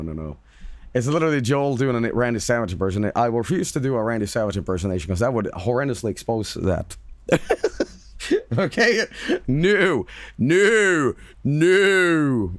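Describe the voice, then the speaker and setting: A man's voice: sits low, darkish tone, no echo. A man streaming casually who talks emphatically, repeats himself and swears freely. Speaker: streamer and voice actor. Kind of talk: casual livestream chat.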